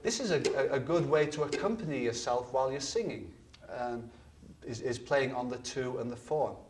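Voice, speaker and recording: In a studio instructional video, a man with a medium-pitched voice teaches ukulele at a moderate pace, patiently counting beats aloud as he strums and sometimes repeating words. He's recorded from a distance alongside the ukulele, with a little hiss or hum.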